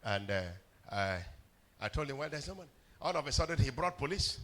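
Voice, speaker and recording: A male pastor preaching a sermon in church, telling stories, often stammering on words and building up to shouts. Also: fairly high pitch, animated, brisk. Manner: storytelling preacher, rising to shouts, stammered repeats. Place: church hall.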